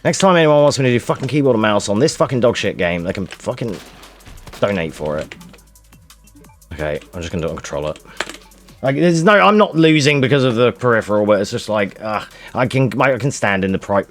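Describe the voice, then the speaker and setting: A man's voice: lowish voice, very animated, fast, faint music behind. Swearing, frustrated man streaming a game. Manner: swears constantly, mutters and shouts at the game. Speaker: speedrunner streaming. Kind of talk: frustrated live game commentary.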